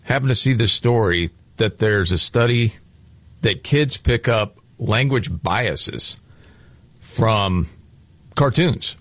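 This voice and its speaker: Low-voiced male talk show host. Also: slow, a bit bright, dry recording. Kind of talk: casual talk radio chat.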